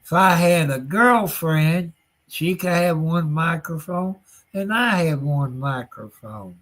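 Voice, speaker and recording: Very slow-talking man. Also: on the high side, expressive, a bit bright. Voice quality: folksy, drawn-out delivery with frequent chuckles. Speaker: livestream host. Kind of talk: casual livestream chat.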